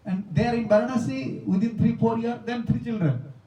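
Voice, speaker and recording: A man giving a spiritual talk, telling a story in simple non-native English with lively animation. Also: very high-pitched, normal speed. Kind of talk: sermon with storytelling. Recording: roomy, distant, dull lo-fi.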